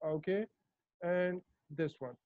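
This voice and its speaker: A man's voice: high voice, takes it slowly, dry recording. A man with a Pakistani accent, Urdu native, teaching English in an online lesson, hesitant with many fillers and stressing words. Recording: dull, dry lo-fi call audio.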